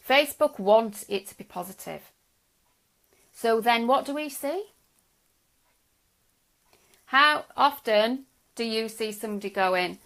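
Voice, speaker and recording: A middle-aged woman giving a live video talk on stress as a coach, gentle and reassuring, often checking in with her viewers and restarting her sentences. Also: fairly high pitch, animated, unhurried, vocal fry, pauses often.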